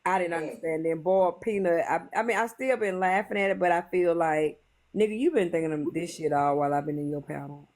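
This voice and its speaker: A woman with a lowish voice talks bluntly and swears freely as she recounts an argument to the panel. Her tone is conversational and frank. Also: brisk, a little mellow. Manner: blunt, profane storytelling. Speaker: livestream panelist. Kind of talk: casual chat.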